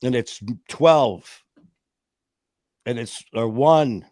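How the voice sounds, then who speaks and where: A man's voice: mid-range voice, very slow, no echo, studio quality. Rambling storytelling man in his fifties. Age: 50s. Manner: rambling, animated storytelling with restarts and quoted voices. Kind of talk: casual storytelling chat.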